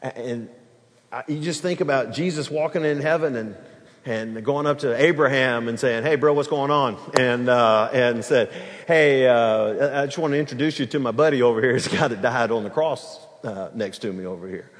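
Animated male preacher in a reverberant hall. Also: mid-range voice, normal speed. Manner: animated preaching, acts out quoted speech, laughs with the crowd. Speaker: pastor. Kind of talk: sermon.

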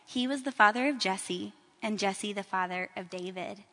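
A woman's voice: mid-range voice, normal speed, bright, forceful tone, in a large hall. A woman teaching a Bible story in a casual, conversational storytelling way, with everyday fillers.

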